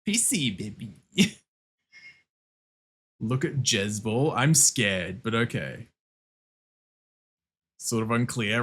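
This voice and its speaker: A man streaming a game and chatting casually, excitable, laughing a lot and swearing often. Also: mid-range voice, slow pace, long pauses, husky. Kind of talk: casual livestream chat while gaming.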